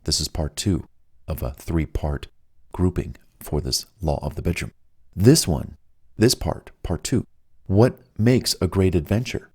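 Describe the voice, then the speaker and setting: A man giving relaxed, unhurried advice, drawing out his words with long pauses, reading his own audiobook. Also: low-pitched. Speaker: audiobook author and narrator. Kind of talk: relaxed advice talk, slow and soothing.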